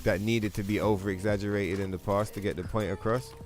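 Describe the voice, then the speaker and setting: A man's voice: on the low side, level tone, a little fast. A man hosting a game livestream, riffing in casual, profane, mocking commentary. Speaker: livestream host. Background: music.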